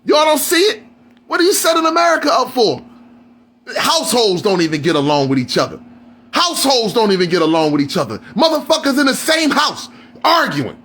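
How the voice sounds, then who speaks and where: A man on a live stream, delivering a heated, profane rant, often shouting and repeating questions at his listeners. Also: extremely high pitch, very animated, fairly quick.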